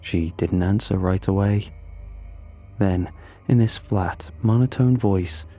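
A man tells a first-person horror story at a slow, careful crawl, his uneasy delivery stretched by long pauses. His voice is very dark and somewhat husky, sitting a little low, with faint music underneath. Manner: measured, uneasy, with drawn-out pauses. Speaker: narrator.

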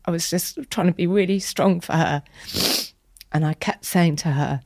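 A woman with a low voice tells a tender, candid story as an interview guest. She is chatty and acts out quoted lines, sometimes dropping into whispers. The recording is close and dry. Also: moderate pace, a little mellow, dry recording. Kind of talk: emotional personal storytelling.

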